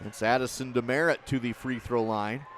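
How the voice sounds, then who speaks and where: A man calling a live basketball game play by play, in quick, clipped phrases that lift on missed shots. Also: medium pitch, fairly even intonation, fairly bright tone, slight background noise. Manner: rapid, clipped calls that rise on misses. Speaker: play-by-play announcer.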